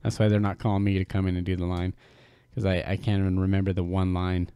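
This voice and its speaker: A man's voice: deep voice, monotone, fast talker, warm tone, smooth, no echo. A man co-hosting a gaming podcast, tossing in joking asides in casual chat. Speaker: podcast co-host.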